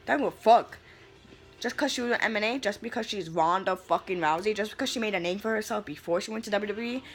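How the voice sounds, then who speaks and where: A young woman in full rant mode, swearing freely and brimming with attitude, her voice at an ordinary middle pitch for a woman. She talks like a vlogger venting straight to her viewers, throwing in a sassy "honey" here and there. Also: fast talker. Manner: profane, fired-up, sassy, calls people honey. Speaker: vlogger ranting about wrestling. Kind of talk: heated casual rant.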